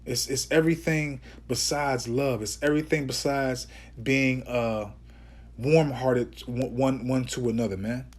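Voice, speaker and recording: A man teaching scripture informally, emphatic and preachy, often tagging his sentences with "man" and "okay?", and slowing down to declaim Bible verses. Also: mid-range voice, fairly even intonation. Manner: reads Bible verses aloud in a slower, declaiming voice.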